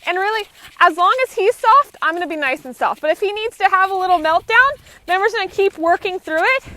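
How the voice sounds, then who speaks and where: A woman horse trainer working a horse outdoors, explaining each step in a calm, steady, instructive way. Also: extremely high pitch. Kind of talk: live training commentary.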